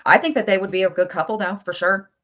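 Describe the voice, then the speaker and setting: A woman's voice: mid-range voice, fast, a bit bright. A middle-aged woman with a blunt, insulting, exasperated manner, ranting in casual chat on a livestream. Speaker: livestream commentator.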